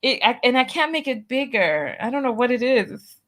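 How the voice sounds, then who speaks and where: A woman with a somewhat high, slightly bright voice hosts a casual talk show, chatting solo about the day's news. Very animated and moderately paced, she speaks talkatively and wryly, tossing rhetorical questions at viewers before reading out their donations and thanking them.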